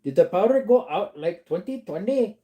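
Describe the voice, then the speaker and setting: A weary middle-aged man from Arizona, chatting with his livestream viewers late in the evening. His voice is mellow and dark, and his pitch rises and falls a lot as he drawls through his answers. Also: animated, normal speed. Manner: drawling and tired, slips into joke voices. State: tired. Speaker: livestream host reading chat. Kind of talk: casual livestream chat.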